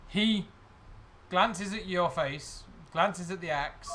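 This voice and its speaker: A man narrating a tabletop game as game master, describing scenes and pressing players for detail. His voice is bright and sharp, a touch higher than most. Faint noise hums behind him. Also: slow pace. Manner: questioning, descriptive, with restarts.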